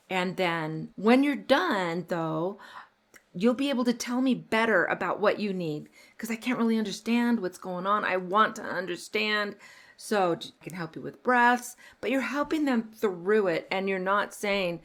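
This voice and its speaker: A woman's voice: mid-range voice, expressive, unhurried. Sixty-something woman hosting, chatty, lots of mm-hmms and laughs. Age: 60s. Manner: frequent affirming backchannels, warm laughter. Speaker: podcast host. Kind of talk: casual conversational interview.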